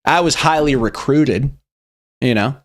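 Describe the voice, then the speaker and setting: A man's voice: medium pitch, unhurried. A young man hosting a meme review, talking in a casual, rambling, profane way. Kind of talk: casual commentary.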